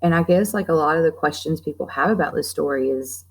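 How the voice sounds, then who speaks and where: A woman with a somewhat low voice walks her class through a story. She explains casually, with frequent fillers and restarts, as a teacher. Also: fast, husky, low-quality recording. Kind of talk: classroom literature lesson.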